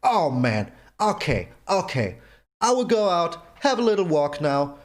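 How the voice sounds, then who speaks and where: A man's voice: on the high side, sing-song, unhurried. Exasperated man ranting over gameplay. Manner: exasperated ranting, repeats himself. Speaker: channel host. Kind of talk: gameplay commentary.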